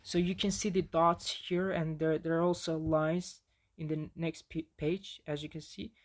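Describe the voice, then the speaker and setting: A man's voice: fairly high pitch, little pitch movement, moderate pace. A man with a Turkish accent, a native Turkish speaker, giving a casual recorded lesson with frequent fillers and restarts. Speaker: language teacher. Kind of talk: recorded lecture on pronunciation.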